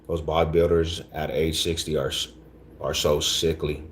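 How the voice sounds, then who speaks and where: A man with a very deep, low voice chats loosely with his livestream audience. His talk is slangy, laid-back and full of repeats. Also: little pitch movement, moderate pace. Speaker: livestream host. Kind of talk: casual livestream chat, reading chat.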